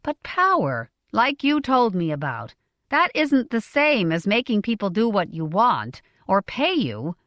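A woman's voice: medium pitch, sing-song, measured pace, dry recording, muffled recording. A woman voicing a big, strong, earnest young village woman in an audiobook, eager and wondering. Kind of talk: audiobook character voice.

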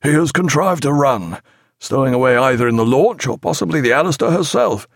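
A man's voice: mid-range voice, lively intonation, fairly quick, vocal fry, no room sound, studio quality, voice pushed up. A man voicing a wounded, weary naval captain who gives orders in a raised, strained voice. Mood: resolute.

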